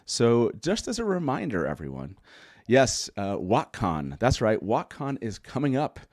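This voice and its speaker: A man's voice: medium pitch, huge pitch swings, unhurried, a little mellow, no room sound, studio quality. A man hosting a casual live talk show, rambling and correcting himself with a chuckle. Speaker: host.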